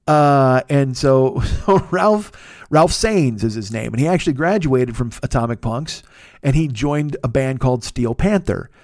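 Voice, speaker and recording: A man's voice: medium pitch, lively intonation, unhurried, a little mellow, dry recording, clean studio sound. A man hosting a podcast, telling a story in a casual monologue, swearing a lot and sounding exasperated. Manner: profane, exasperated ranting. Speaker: podcast host.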